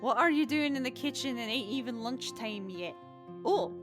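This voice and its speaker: A woman voicing a folksy, brisk female ship's cook around forty who talks quickly. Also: on the high side, lively intonation, music in the background, pitched above the performer's own voice, close to an everyday voice.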